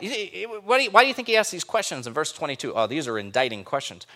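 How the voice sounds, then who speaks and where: A man's voice: sits high, big pitch swings, brisk, few pauses, pushed and bright. A man preaching a sermon as pastor, emphatic and full of rhetorical questions.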